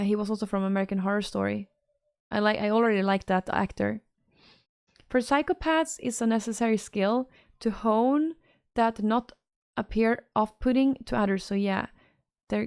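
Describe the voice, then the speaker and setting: A woman's voice: medium pitch, gravelly, darkish tone, clean tone, no room sound, studio quality. A woman streamer, chatting casually and reacting to messages from her chat.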